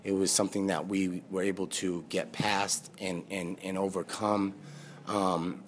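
A man speaking as an interview guest, earnest and halting, with many fillers and restarts. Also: low voice, a little hiss or hum. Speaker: guest, former pro basketball player. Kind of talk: conversational interview. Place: live studio with audience.

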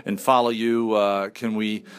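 A man's voice: lowish voice, little pitch movement, a little slow, clear, resonant tone. A man with a Northern US accent hosting a talk show, chatty, upbeat and jokey while interviewing guests. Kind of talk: casual interview.

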